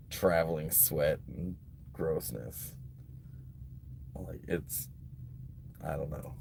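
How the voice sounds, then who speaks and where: A livestreaming vlogger with a low, creaky, somewhat mellow voice chats casually from a beach outdoors, reading donations. He rambles in a laid-back way, saying "like" and "um" a lot, with slight background noise.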